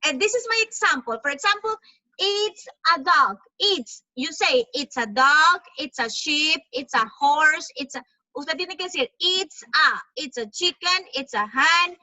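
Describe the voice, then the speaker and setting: A woman's voice: sits high, expressive, unhurried, pushed and bright, no echo, low-quality recording. A woman whose first language is Spanish, teaching an online class to children over a video call. She repeats words patiently, coaxes the kids and mimics animal sounds. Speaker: English teacher.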